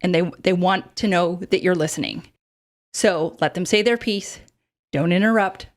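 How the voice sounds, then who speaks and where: A woman in her thirties talks through advice on a casual podcast. Her voice sits a little low, and she fills her speech with ums and easy laughs. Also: moderate pace. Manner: chatty, laughs often, many fillers. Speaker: podcast host.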